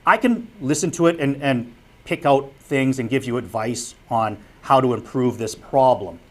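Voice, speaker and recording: A man's voice: mid-range voice, normal speed. Earnest man giving a broadcasting lecture. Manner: earnest, direct, repeats key advice. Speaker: broadcasting instructor and former sportscaster. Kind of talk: public lecture.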